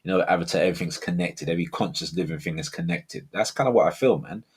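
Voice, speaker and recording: Male British caller, deep and slightly husky, casual and rambling. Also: fast talker. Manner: rambling, informal, filler-heavy. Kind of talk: casual call-in chat.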